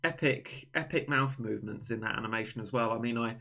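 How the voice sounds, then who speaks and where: A man's voice: medium pitch, brisk, creaky, pushed and bright. A young man hosting a livestream, chatting casually in a rambling, self-mocking way. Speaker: livestream host. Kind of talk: casual chat on a stream.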